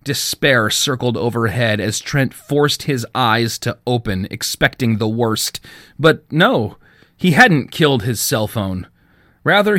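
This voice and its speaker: A man, the author, reading his own fiction aloud in a measured storytelling manner. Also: mid-range voice, fairly bright tone, no room sound, clean studio sound. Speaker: author and narrator.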